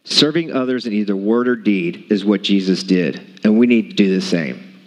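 A man's voice: on the low side, lively intonation, normal speed, darkish tone. A man preaching a sermon to a congregation, emphatic and repeating his key points. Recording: long hall reverb.

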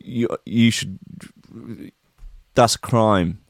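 Exasperated male commentator, mocking and sarcastic, low-pitched, dry booth sound. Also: extremely slow, vocal fry, no echo. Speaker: commentator reading news. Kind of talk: ranting news commentary.

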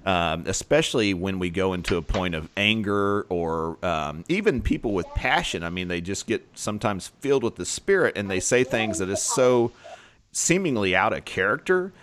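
A man with a low voice co-hosts a relaxed podcast conversation. His pitch moves a lot as he reflects, and he laughs readily. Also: moderate pace. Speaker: podcast co-host. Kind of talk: casual chat.

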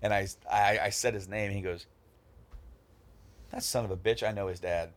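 A man with a somewhat low voice swaps stories with friends in a relaxed chat. He tells them in a lively way, playing out the other people's lines, and he often stumbles and repeats his words. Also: moderate pace. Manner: animated, acts out the other people in his story; repeats words and restarts a lot. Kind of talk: casual storytelling among friends.

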